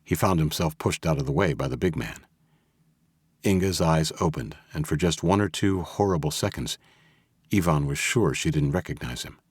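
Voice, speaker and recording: A man narrating a thriller audiobook in a steady, even storytelling manner. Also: very deep voice, normal speed, slightly rough, no echo. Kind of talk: scripted narration. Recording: dry close studio audio.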